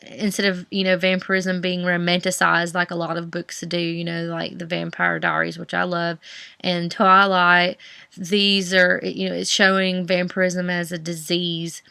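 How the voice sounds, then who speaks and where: A woman's voice: fairly low pitch, completely flat delivery, moderate pace, creaky, sharp tone, clear, resonant tone, no room sound. A young woman with a Southern US accent, chatting casually about books on her vlog, rambling with many fillers and restarts. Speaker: book vlogger. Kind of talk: casual chat.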